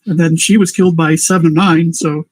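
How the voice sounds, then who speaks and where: A man's voice: fairly high pitch, fairly even intonation, a little slow, dry recording, low-quality recording. A man on a stream panel making short, dismissive remarks in casual chat.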